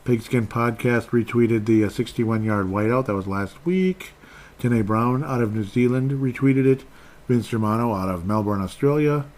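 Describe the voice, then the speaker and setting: A man's voice: mid-range voice, moderate pace, darkish tone. A man hosting a solo sports podcast, rambling and grumbling as he reads out listener tweets. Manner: rambling, self-deprecating, grumbling. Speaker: podcast host. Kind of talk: solo podcast chat reading fan tweets.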